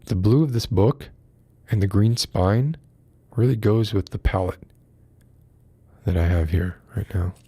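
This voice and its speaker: A man's voice: fairly low pitch, measured pace, dark tone, slightly rough, no room sound. A man hosting a casual livestream, reading philosophy aloud and breaking off to ramble and greet viewers in the chat.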